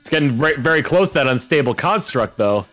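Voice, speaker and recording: A man's voice: fairly high pitch, expressive, fast, a bit bright, soft background music. A man at a card game explaining the rules with wry remarks. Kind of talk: casual chat over a card game.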